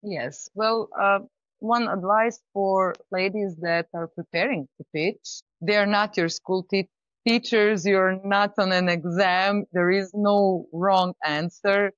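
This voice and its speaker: A woman guest talking casually about pitching, in a thoughtful, halting way with restarts. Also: fairly even intonation, no room sound. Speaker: startup founder, guest. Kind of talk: casual interview talk. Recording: slightly dull lo-fi audio.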